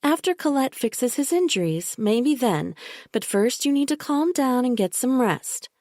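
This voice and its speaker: A woman's voice: high-pitched, sing-song, a little slow, darkish tone, no room sound, clean studio sound, pitched above the performer's own voice. A woman reading an audiobook, voicing a controlling woman who talks in a syrupy, condescending, soothing voice. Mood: sickly sweet. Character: cloying controlling woman, sickly sweet.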